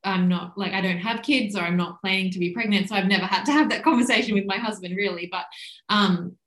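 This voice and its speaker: A woman hosting a podcast, chatting casually and agreeing often with her guest. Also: medium pitch. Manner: warmly agreeing, quick bursts of laughter. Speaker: podcast host. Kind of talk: casual chat. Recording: echoey room.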